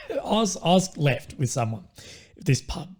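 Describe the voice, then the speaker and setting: Young man, casual chat, swears a lot, lively storyteller. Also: a little high, a little slow, husky. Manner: swears freely, tells animated anecdotes. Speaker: ex-military guest.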